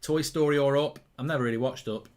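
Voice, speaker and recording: A man hosting a live football watchalong, chatting casually and answering viewer questions in a lively way and swearing freely. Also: medium pitch, fast talker. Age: older than 23. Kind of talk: casual chat.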